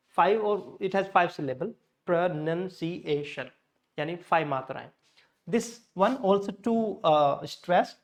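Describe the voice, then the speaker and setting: Speaking with an Indian English accent in a voice that sits high, a man teaches a pronunciation lesson. He explains patiently and often corrects himself partway through a sentence.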